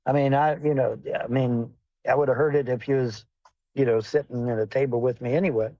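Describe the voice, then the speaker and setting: A man's voice: mid-range voice, steady tone, brisk, no echo. A man hosting a casual livestream chat, rambling and swearing bluntly as he talks with callers. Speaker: livestream host. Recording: dull lo-fi sound.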